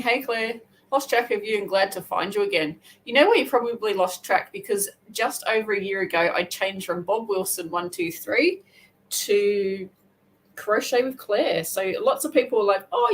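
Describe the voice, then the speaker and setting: A woman's voice: medium pitch, normal speed, low-quality recording. Aussie woman chatting away on a crochet livestream, rambly, keeps correcting herself. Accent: Australian. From Australia. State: hair wet, just out of the shower. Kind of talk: casual live chat.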